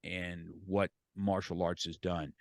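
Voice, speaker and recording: A middle-aged man with a lowish voice tells a personal story as a podcast guest, quoting himself and others and repeating words as he goes. The sound is close and dry, with almost no room around it. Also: level tone, slow pace, dry recording.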